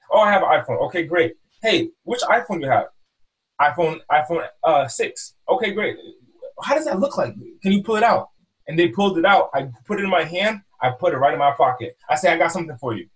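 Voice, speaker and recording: A man's voice: fairly high pitch, distant mic, low-quality recording. A man telling a story about selling phones at a mall kiosk, casually, acting out his talks with customers. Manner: animated, acts out customer exchanges, repeats words.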